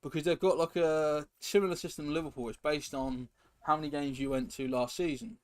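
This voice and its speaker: Here the young streamer's pitch is fairly high, his tone steady, his delivery a little fast. He chats and rambles casually during a football game stream, reacting to viewers and gameplay, and the audio carries a noisy hiss.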